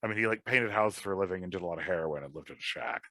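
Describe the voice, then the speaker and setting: A man in his thirties hosting a casual podcast chat, rambling and self-deprecating, animated as he talks. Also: deep voice, racing, no echo. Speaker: podcast host.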